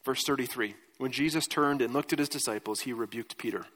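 A man's voice: mid-range voice, brisk, a bit bright. A man preaching a sermon as pastor in a conversational way, asking his congregation questions. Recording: reverberant church hall.

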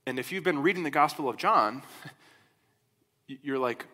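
A man preaching a sermon as a pastor, in a conversational, animated storytelling way. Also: a little high, a little slow, long pauses. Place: church sanctuary. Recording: long hall reverb.

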